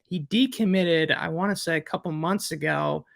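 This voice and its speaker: A man's voice: a little high, normal speed, creaky, dry recording, studio quality. A man with a Midwestern American accent, co-hosting a sports podcast in a rambling way, with many fillers and restarts. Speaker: recruiting analyst co-host. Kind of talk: casual sports podcast chat.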